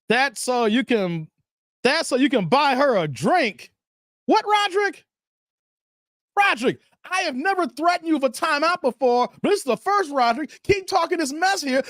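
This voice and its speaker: A man with a high, lively voice hosts a casual live stream. He reads chat comments in a teasing, playfully exasperated way. The sound is dry and close. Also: dry recording.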